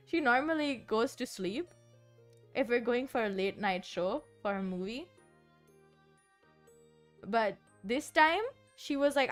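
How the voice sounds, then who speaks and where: A young woman streamer talks in loose, casual chat, her voice sitting a little high. She rambles and giggles as she goes, filling gaps with "like". Soft music plays faintly behind her. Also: expressive, measured pace, pauses often. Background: soft background music.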